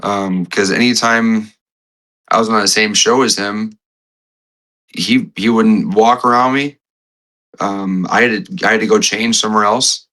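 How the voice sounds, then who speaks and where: A man with a bright, forceful voice that sits fairly low, speaking as a guest on a podcast. He tells his story haltingly, restarting sentences and repeating key phrases. He sounds a little choked up. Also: fairly even intonation, low-quality recording. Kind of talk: emotional conversational storytelling.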